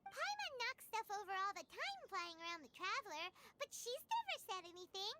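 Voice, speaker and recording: Paimon, a squeaky bubbly fairy. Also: female voice, big pitch swings, moderate pace, noisy background. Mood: chatty. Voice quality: high, squeaky, speaks of herself in third person. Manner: indignant outbursts, bubbly. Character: tiny floating female fairy companion, excitable and pouty. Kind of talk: video game dialogue. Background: game music.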